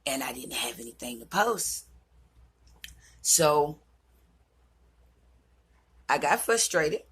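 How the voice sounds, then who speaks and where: Breathy, low-voiced woman in her thirties. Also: big pitch swings, takes it slowly, a bit bright. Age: 30s. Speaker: vlogger. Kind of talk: personal reflective vlog talk.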